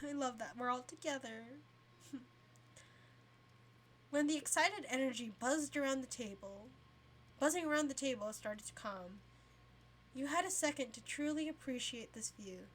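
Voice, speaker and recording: A high-voiced young woman streams herself reading a visual novel aloud, with slow, unhurried pacing. She chats casually between passages, yawns, and laughs often, while a faint hiss sits under the voice.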